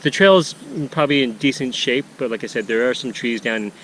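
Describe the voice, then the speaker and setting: A man's voice: mid-range voice, brisk, fairly bright tone, slight background noise, low-quality recording. A man narrating a casual canoe-trip vlog outdoors on a forest portage, rambling with many fillers and restarts. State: out of breath.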